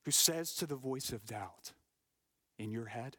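A middle-aged man preaching from the pulpit with a bright, forceful tone and a measured, unhurried delivery. He leans hard into key phrases, then sinks into hushed whispers, and stumbles over repeated words as he builds. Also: mid-range voice. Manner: emphatic preaching, drops to hushed whispers for effect. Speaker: pastor. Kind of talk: sermon.

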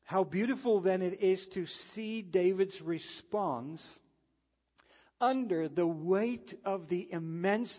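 A man preaching a sermon in an earnest way, pausing dramatically as he quotes scripture. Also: sits high. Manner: earnest, slow, dramatic pauses when quoting scripture. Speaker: pastor. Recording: dull sound with long reverb in a hall.

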